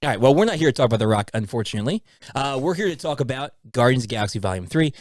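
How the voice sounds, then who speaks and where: Male podcast host, casual, quick and lively, dry close sound. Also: mid-range voice, no room sound. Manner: quick, animated, fillers and restarts.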